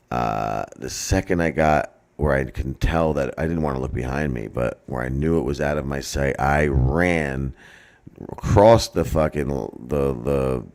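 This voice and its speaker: A man in his forties telling a rambling, profane story in casual podcast chat, halting often with filler words. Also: extremely low pitch, darkish tone. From New Jersey. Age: 40s. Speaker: podcast co-host.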